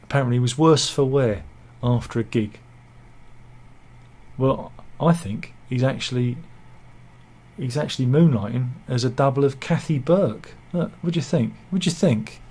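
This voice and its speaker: A man's voice: medium pitch, moderate pace, darkish tone. Wry man doing comic news asides. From England. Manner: wry, self-mocking asides and mock-dramatic quips. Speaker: satirical news commentator. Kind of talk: casual comic commentary.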